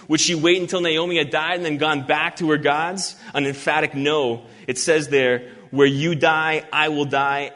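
A man preaching an expository sermon, earnest and emphatic, reading scripture slowly. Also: on the high side, a bit bright. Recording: long hall reverb.

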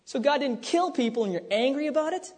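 A man preaching a sermon, animated and dramatic, acting out the lines he reads. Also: very high voice, fairly quick. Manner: animated, acts out scripture voices, many restarts. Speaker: pastor. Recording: long hall reverb.

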